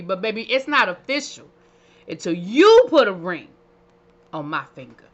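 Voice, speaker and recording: A woman's voice: on the high side, normal speed, muffled recording. Sassy, chatty woman reviewer. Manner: chatty, sassy, animated with playful asides. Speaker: reality TV reviewer. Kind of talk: casual recap commentary.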